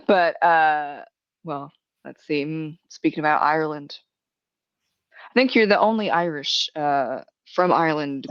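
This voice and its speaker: A woman's voice: deep voice, slow pace, pauses often, clean tone, dry recording. A woman hosting a podcast, chatting casually, laughing often and swearing freely. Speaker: podcast host. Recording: dry, dull lo-fi sound.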